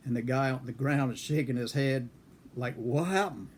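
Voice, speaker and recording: A man in his seventies casually telling a story from his service days, unhurried and chuckling now and then. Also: medium pitch, flat delivery, a little mellow, a little hiss or hum. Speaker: storyteller recalling military service.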